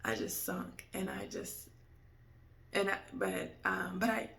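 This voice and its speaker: A woman telling a personal story in a reflective, halting way. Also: mid-range voice, little pitch movement, creaky, fairly bright tone.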